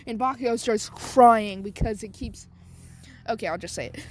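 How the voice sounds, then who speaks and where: A woman's voice: fairly high pitch, normal speed, darkish tone, a little hiss or hum. A woman casually telling a made-up fan story, rambling with many fillers. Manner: rambling, lots of "like" and "um".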